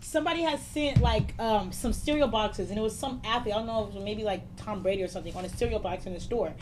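A young woman telling stories in a slangy, animated way during a casual group chat. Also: mid-range voice, fast, background noise.

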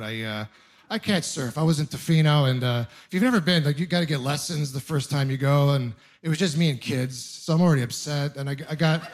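A young man doing a stand-up comedy set, telling wry rambling stories and mocking himself. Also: on the high side. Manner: wry, rambling storytelling with self-mocking asides. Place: live comedy venue with audience laughter.

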